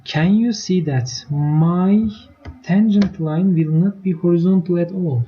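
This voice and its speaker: A woman with a fairly low voice speaks slowly as she teaches a live online math lesson, walking through each step and checking in with her students. The stream audio is dull and lo-fi.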